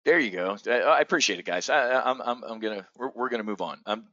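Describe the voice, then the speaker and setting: A man hosting a live trading stream, talking bluntly and profanely with frequent stammered restarts and excitable outbursts. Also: medium pitch, quick pace, dry recording, dull audio. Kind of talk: unscripted live stream talk.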